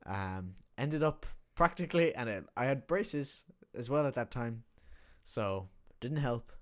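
A young man in casual chat, telling an animated story and laughing often. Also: mid-range voice, measured pace.

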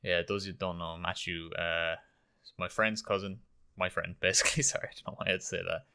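A young university student in casual chat, relaxed and swearing casually. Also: male voice, low-pitched, fairly quick, clean tone. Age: young adult.

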